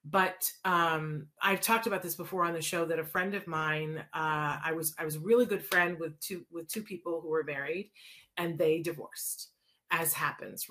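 Chatty, lowish-voiced woman host. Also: sharp tone. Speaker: show host answering listener questions. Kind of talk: casual monologue and listener Q&A.

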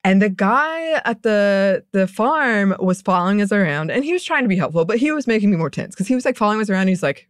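A woman's voice: mid-range voice, expressive, quick pace, few pauses, no echo, studio quality. A woman co-hosting a podcast, telling a story in a casual chat, laughing often. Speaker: podcast co-host.

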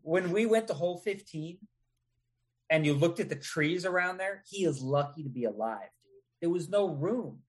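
A man guest on a casual podcast, chatting excitedly and reciting sports stats. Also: fairly high pitch, moderate pace, husky.

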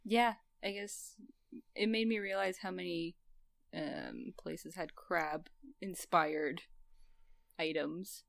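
A woman's voice: fairly low pitch, slow pace, gravelly, pauses often, no room sound. A woman co-hosting a podcast, chatting casually and giggling often, with hesitant fillers. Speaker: podcast co-host.

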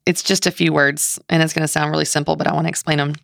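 A woman's voice: sits low, little pitch movement, quick pace, vocal fry, a bit bright, no room sound, studio quality. A woman in her thirties, a guest on a faith podcast, telling a story with passion and acting out inner voices. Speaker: guest author and speaker.

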